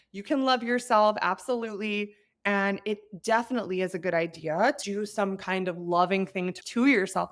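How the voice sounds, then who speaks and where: A woman in her thirties hosting an advice podcast, talking in an earnest, chatty way that turns emotional at times. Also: mid-range voice. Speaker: podcast host.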